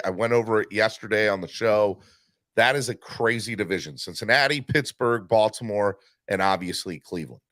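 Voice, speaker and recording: A man hosting a live sports fan podcast, talking in an animated, rambling way with many fillers. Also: mid-range voice, no echo, studio quality. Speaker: podcast host.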